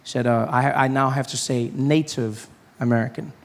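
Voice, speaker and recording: A man with a South African accent performing stand-up comedy before a live audience, animated and acting out characters. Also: mid-range voice, normal speed. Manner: animated, acts out characters with shouting voices. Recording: stage mic with audience noise.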